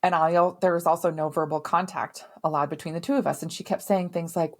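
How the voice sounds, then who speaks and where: A middle-aged woman with a fairly low voice recounts a personal story on her podcast. She speaks candidly and emphatically, swearing now and then. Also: steady tone, fast talker. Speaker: podcast host.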